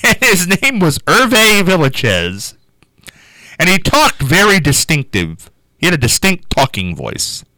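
Animated man telling a funny story. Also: fairly high pitch, unhurried, no room sound, low-quality recording. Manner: animated, laughs through his stories. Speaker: radio show host. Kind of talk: casual storytelling chat.

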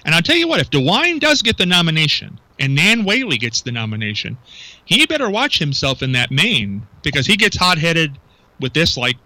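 A man's voice: fairly high pitch, very animated, moderate pace, sharp tone, no room sound, low-quality recording. A male radio talk show host, chatting with his co-host, incredulous and full of rhetorical questions. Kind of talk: local talk radio banter. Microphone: studio microphone.

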